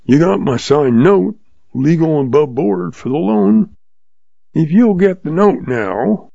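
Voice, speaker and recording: A man voicing a calm, sly old western outlaw who talks in a patient folksy drawl, in a storybook reading. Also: a little high, a little slow, creaky, no room sound, pitched above the performer's own voice, heavily acted. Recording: dull lo-fi sound.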